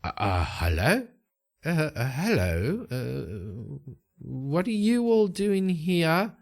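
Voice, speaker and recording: A man's voice: medium pitch, very animated, takes it slowly. A man voicing a nervous but boastful male elf mage who stammers and then turns grandiose. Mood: frightened.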